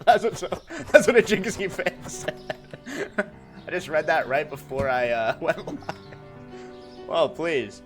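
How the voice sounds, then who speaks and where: Laughing, teasing male streamer, slow delivery. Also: a little high, animated, soft background music. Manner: laughs often, teasing and self-mocking. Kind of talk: casual chat reading viewer messages.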